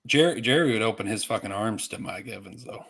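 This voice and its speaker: A man's voice: fairly low pitch, a little fast, fairly bright tone. Profane, rambling man talking sports. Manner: profane, rambling, with filler-heavy restarts. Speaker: podcast co-host. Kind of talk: casual sports chat.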